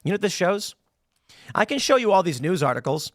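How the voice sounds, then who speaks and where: A man's voice: sits high, sing-song, brisk, dry recording. A man hosting opinionated political commentary in a combative, sarcastic manner from a small studio.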